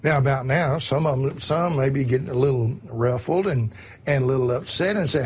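A man's voice: mid-range voice, fairly quick, a little mellow, slightly rough. A man preaching a sermon in an earnest, repetitive way, often calling his listeners "my friends".

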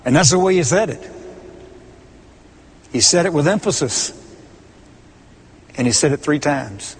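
A middle-aged male preacher delivers his sermon slowly and deliberately, leaning on repeated words for emphasis. His voice sits a little high for a man. Long reverb from the sanctuary trails behind every phrase. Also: big pitch swings, husky.

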